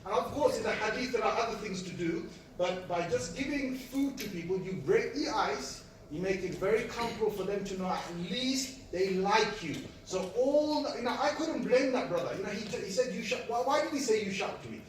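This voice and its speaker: Animated man in an echoey hall. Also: sits high, a little fast, hardly any pauses, slight background noise. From Britain. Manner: animated, acts out voices, laughs at his own jokes. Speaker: Islamic lecturer. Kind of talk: storytelling lecture. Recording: echoey hall, speaker far from the mic.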